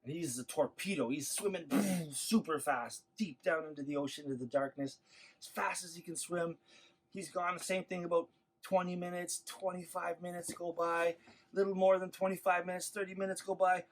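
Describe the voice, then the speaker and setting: Animated man telling a legend. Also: sits high, moderate pace, poor audio. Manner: animated, expressive storytelling. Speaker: storyteller. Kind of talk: legend told to schoolchildren.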